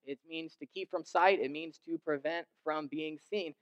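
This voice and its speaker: A young man delivers a sermon in a slightly high, smooth, resonant voice. He talks conversationally, mimicking others in quick asides and climbing in pitch and volume for emphasis. The sound is a bit dull and lo-fi. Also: fairly even intonation. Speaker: pastor.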